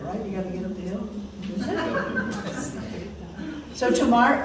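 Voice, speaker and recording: A woman's voice: mid-range voice, background noise. An older woman giving an informal, conversational teaching talk to a small group, laughing often as she speaks. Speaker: course teacher. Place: conference room. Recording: echoey room, mic far off.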